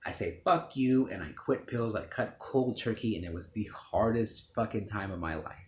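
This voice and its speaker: Deep-voiced man with blunt, profane testimony. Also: normal speed, echoey room. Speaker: speaker telling his life story. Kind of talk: personal testimony speech.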